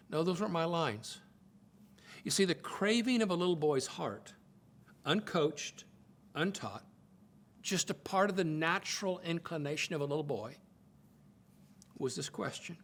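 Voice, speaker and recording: An older man from the United States, giving a sermon-style talk on marriage, telling family stories and acting out the quotes, often repeating words as he starts a phrase. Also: normal speed. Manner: expressive, acts out quotes with swings in pitch and loudness. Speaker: speaker teaching on marriage.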